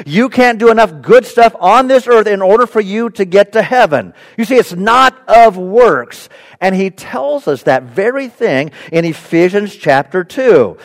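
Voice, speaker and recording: A man with a notably high voice delivers an emphatic sermon, driving his points home by repeating them. His voice rings out with a long reverb that fills the church sanctuary. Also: expressive, a little slow. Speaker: pastor. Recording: long reverb in a large hall.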